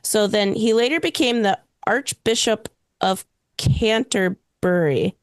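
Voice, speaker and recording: A woman's voice: medium pitch, slow, clean tone, no room sound. A young woman co-hosting a paranormal podcast, casually chatting and laughing easily. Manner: laughs often, loose with fillers. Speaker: podcast co-host. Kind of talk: casual chat about superstitions.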